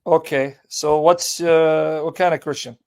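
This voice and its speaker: A man's voice: fairly high pitch, fairly even intonation, unhurried, gravelly, smooth. A man hosting a live call-in debate stream, talking in a blunt, joking, casual way.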